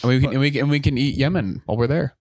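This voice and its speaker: A man's voice: medium pitch, rapid-fire, no echo. A man co-hosting a podcast, riffing in long, rambling absurd bits. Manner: rambling, absurd deadpan riffs. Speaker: podcast co-host. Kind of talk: casual podcast banter.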